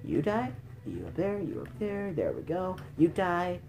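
A woman's voice: lowish voice, wildly swooping pitch, measured pace, darkish tone, soft background music. A woman giving let's play commentary, taunting enemies and shrieking in frustration at the game. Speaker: gamer playing retro games.

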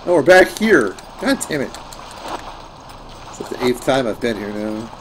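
A man's voice: medium pitch, big pitch swings, normal speed, noisy background. A man streaming a game, chatting casually with sarcastic, playful banter and free swearing while he plays. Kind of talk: casual gameplay chat. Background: game music.

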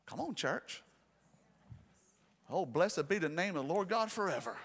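A man's voice: high voice, big pitch swings, unhurried, fairly bright tone, in a large hall. A man preaching a fervent midweek sermon as pastor, calling out to his congregation. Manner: fervent, call-and-response preaching. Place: church sanctuary.

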